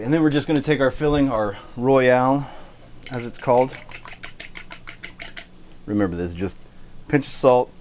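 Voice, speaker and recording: A man with a low, darkish voice hosts a cooking livestream, chatting casually as he cooks and thanking viewers by name. He swears lightly, keeps cutting himself off mid-sentence, and holds an unnamed put-on accent the whole time, with slight background noise.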